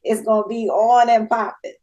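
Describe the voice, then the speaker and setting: A woman in her fifties, a podcast guest, telling a story in a lively, laughing way and acting out the dialogue. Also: on the high side, normal speed, highs cut off. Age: 50s. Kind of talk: casual storytelling.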